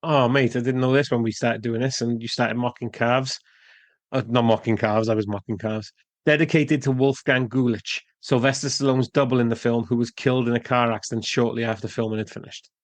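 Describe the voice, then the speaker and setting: A man's voice: medium pitch, steady tone, brisk, no room sound. A man with a mid-range voice reads out film trivia on a casual podcast. He adds dry little asides, and the sound is close and completely dry. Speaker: podcast co-host.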